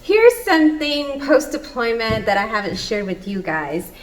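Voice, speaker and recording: A woman's voice: fairly high pitch, very animated, moderate pace, poor audio. Upbeat chatty woman vlogging at home. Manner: chatty, upbeat, laughs often. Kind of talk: casual home vlog. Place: home kitchen.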